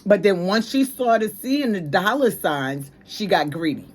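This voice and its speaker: A woman's voice: medium pitch, very animated, unhurried, husky. Opinionated New woman ranting. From New York. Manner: emphatic, slangy, ranting. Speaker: commentary channel host. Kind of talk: opinionated commentary.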